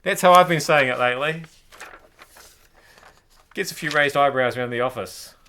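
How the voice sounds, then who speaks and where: A man with a New Zealand accent hosting a comedic news commentary show, sarcastic and playful, with sudden high-pitched outbursts. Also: moderate pace, bright, forceful tone, slight background noise. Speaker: host.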